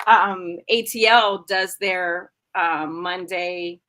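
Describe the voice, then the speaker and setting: A woman's voice: fairly low pitch, steady tone, extremely slow, pushed and bright. A woman hosting a live radio talk show, playful and joking, laughing often. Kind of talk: lively casual live-stream chat.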